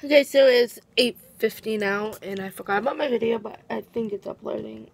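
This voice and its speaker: A teenage girl talking casually into her vlog camera. Her voice sits a little high with a gravelly, fry-laden edge. She rambles, cuts herself off and starts over, and sounds tired. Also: brisk. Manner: rambling, restarts sentences, giggly. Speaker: vlogger.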